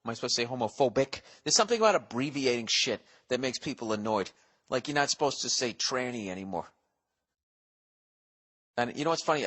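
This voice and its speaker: A man in his forties hosting a solo podcast, rambling profanely. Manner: profane, rambling, animated swings in pitch and volume. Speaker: podcast host. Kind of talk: casual solo podcast rant.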